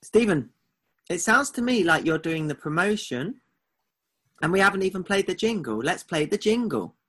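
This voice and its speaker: A man co-hosting a podcast with casual banter, teasing his partner in a quick-fire, mock-exasperated way. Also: sits high, very animated, sharp tone, slightly rough. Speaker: podcast co-host.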